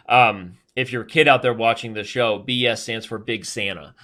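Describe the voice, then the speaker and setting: Bright-voiced, fast-talking male chess streamer. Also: medium pitch, expressive. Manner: fast-talking, joking, chatty. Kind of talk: live chess stream commentary.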